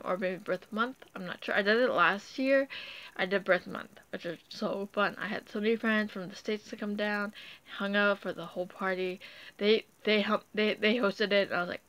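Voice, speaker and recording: A woman's voice: medium pitch, fairly bright tone, low-quality recording. Rambling woman telling a personal story. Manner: rambling, with many restarts and fillers; emotional, close to tears in places. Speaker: speaker sharing a personal story. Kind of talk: unscripted personal talk.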